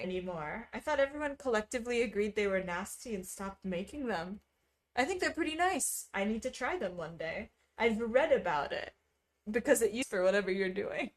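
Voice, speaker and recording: A young woman chats casually with her viewers on a stream, reading their messages aloud and laughing often. Her pitch swings in a lively way as she keeps the conversation going with live chat.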